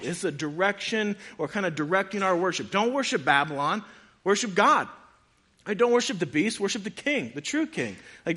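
A man's voice: high-pitched, a bit bright. A man pastor giving a conversational sermon, reading scripture aloud and joking with his congregation.

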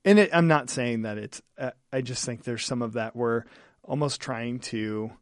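A man, a pastor, chatting on a podcast in an earnest, halting way with frequent restarts. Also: mid-range voice, no echo, clean studio sound. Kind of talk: casual podcast chat.

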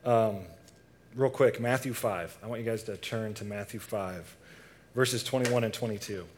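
A man's voice: on the low side, moderate pace. A young man preaching a casual sermon to a youth group, asking the audience questions and reading scripture.

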